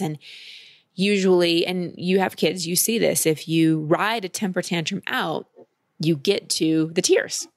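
Woman, coach, direct and emphatic, raspy fry in the voice, dry sound. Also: lowish voice, normal speed, darkish tone, no room sound. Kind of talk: advice conversation.

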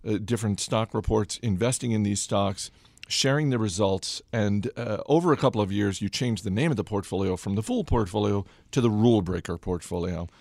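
A man hosting a podcast, leading a relaxed conversational interview and telling stories with acted-out quotes. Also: on the low side, a little fast, vocal fry, no room sound. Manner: relaxed storyteller who acts out quoted voices. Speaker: podcast host.

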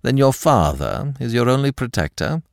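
Man playing a grave, commanding gentleman thief. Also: medium pitch, sing-song, creaky, no echo, studio quality, pitched above the performer's own voice. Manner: measured, grave, authoritative.

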